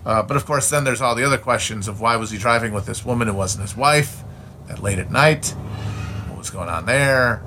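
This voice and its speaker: A Midwestern-accented man rants to his stream audience, blunt, opinionated and full of swearing, often restarting his sentences. His voice sits at a middling pitch for a man. A faint layer of background noise hangs under his talk. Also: brisk. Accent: Upper Midwestern American. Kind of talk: casual ranting monologue.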